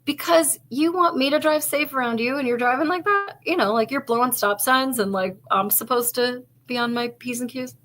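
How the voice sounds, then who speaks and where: Chatty lady cop swapping stories, kinda high voice, super bright and crisp sounding, says like a lot. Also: normal speed, few pauses. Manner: chatty storytelling, heavy with "like", casual swearing. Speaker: podcast co-host and police officer. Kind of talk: casual chat.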